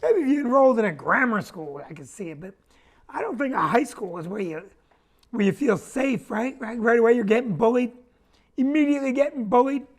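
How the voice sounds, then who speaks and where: A man hosting a comedy talk show, ranting with animated indignation and quick asides. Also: very high voice. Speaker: comedian host.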